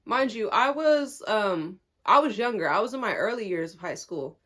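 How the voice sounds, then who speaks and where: Animated young woman telling a story. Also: on the high side, unhurried, breathy edge. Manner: animated, acts out quotes, laughs often. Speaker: storytime vlogger. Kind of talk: casual storytime.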